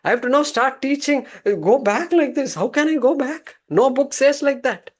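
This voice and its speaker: A man voicing an astonished old male guru who exclaims in a raised, excited voice. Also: very high voice, normal speed, pitched above the performer's own voice.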